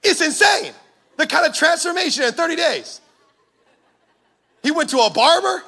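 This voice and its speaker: High, gravelly, bright-voiced preacher man. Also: animated, moderate pace. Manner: impassioned, punchy preaching. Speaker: pastor. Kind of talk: sermon.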